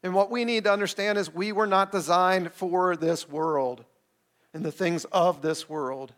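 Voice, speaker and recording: High-voiced preacher, chatty and playful. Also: male voice, steady tone, measured pace, a bit bright. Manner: conversational, playful, asks the audience questions. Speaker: pastor. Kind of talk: sermon. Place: streamed service addressing an online chat.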